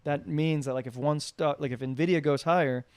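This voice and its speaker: A man's voice: fairly high pitch, steady tone, normal speed, a little mellow, smooth, dry recording. Man, podcast co-host, rambling filler-heavy chat, dry close mic. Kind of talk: casual chat.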